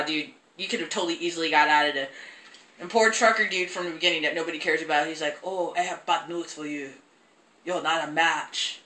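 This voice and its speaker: A woman's voice: on the low side, reverberant. Young woman ranting, swearing freely. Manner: profane, rambling, animated. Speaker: film reviewer. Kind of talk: casual ranting review.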